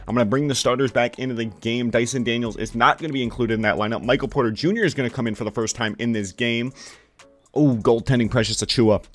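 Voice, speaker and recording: A young man commentating his own basketball video game from home. He calls plays like a sports broadcaster, gets loud and hyped, and swears freely. His voice sits in a middle pitch, with faint music playing in the background. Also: fast. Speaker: gaming YouTuber. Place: home room, worried about neighbors.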